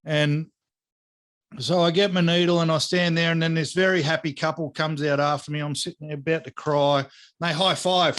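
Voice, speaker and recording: A man chatting on a podcast, with a voice a touch higher than most men. He tells stories with lots of energy, swears freely and acts out the lines of the people in them. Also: normal speed. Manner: animated, profane storyteller acting out dialogue. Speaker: podcast co-host. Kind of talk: casual chat.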